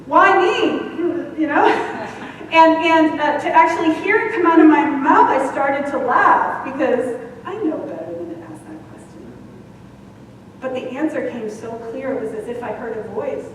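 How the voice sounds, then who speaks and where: A woman's voice: high voice, expressive, moderate pace. A middle-aged woman minister giving a sermon, speaking candidly and laughing at herself as she talks. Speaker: senior minister. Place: large church hall. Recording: echoey hall, distant mic, faint hiss.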